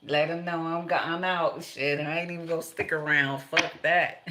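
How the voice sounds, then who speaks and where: A woman's voice: low-pitched, fairly even intonation, moderate pace, noisy background. An older woman giving a casual tarot reading, rambling and profane, laughing often between remarks. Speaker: tarot reader.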